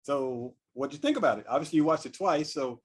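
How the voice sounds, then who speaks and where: A man's voice: on the high side, lively intonation, brisk, slightly rough. A man hosting an interview, asking casual questions and reading out the guest's background. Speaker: interview host.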